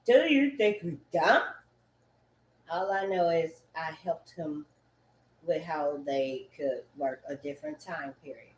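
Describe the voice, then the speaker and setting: A woman rambling casually and repetitively, swearing often and breaking into loud outbursts, sitting at home on a couch. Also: sits low, takes it slowly, a little hiss or hum. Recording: echoey room.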